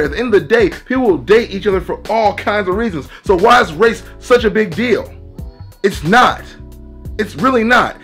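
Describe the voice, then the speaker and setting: Male vlog host, lively swinging delivery, slightly higher voice, jokey asides. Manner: animated, emphatic, joking asides. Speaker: vlogger host. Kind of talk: casual storytelling to camera.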